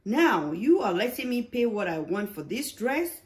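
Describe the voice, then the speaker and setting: A woman's voice: on the high side, sing-song, measured pace, voice pushed up. Woman reading as a cheerful, grateful neighbor lady. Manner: bright, thankful.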